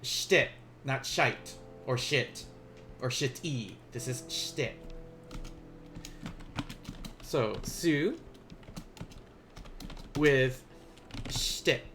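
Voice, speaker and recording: A man's voice: mid-range voice, extremely slow, long pauses, fairly bright tone, slight background noise. A young man teaching a casual beginners' language lesson on a live stream, playful and chatty, often laughing at his own asides.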